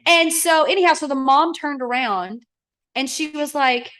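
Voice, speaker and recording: A woman's voice: high-pitched, moderate pace. A woman in her thirties, a real estate agent from Arizona, telling stories in casual chat and acting out what people said. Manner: animated, acts out quotes with a raised voice. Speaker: guest.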